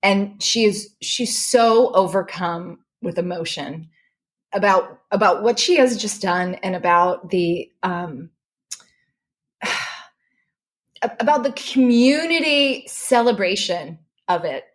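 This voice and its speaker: A woman guest telling a personal story in animated, emotional conversation, often restarting her sentences. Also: medium pitch, slow pace. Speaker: podcast guest.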